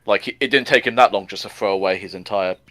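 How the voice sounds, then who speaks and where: A man's voice: on the low side, fast, fairly bright tone. A man co-hosting a casual comic review chat, rambling with lots of fillers and chuckles.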